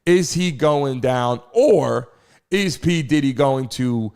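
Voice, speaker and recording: A man hosting a live sports news show, talking casually and excitably, throwing rhetorical questions to his chat. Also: medium pitch, slow, vocal fry, clean tone. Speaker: host.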